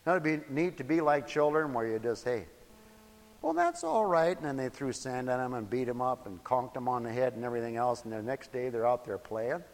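A man preaching a sermon in a folksy way, moving between soft asides and loud, emphatic points. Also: mid-range voice, fairly even intonation, fairly quick, few pauses, long reverb tail. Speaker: pastor.

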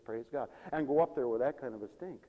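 A man preaching a sermon as pastor, swinging between quiet asides and loud, high exclamations, often laughing between points. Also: fast talker, in a large hall, narrow, tinny audio.

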